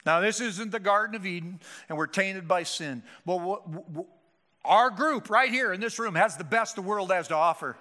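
Bright, high-pitched preaching man in a hall. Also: moderate pace. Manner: emphatic, rhetorical preaching with frequent restarts. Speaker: pastor. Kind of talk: sermon. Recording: hall reverb.

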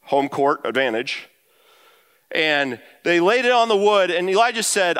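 Animated high-voiced male preacher in a hall. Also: a little slow, clean tone. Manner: animated, rising pitch when quoting and emphasizing. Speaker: pastor. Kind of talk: sermon. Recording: long hall reverb.

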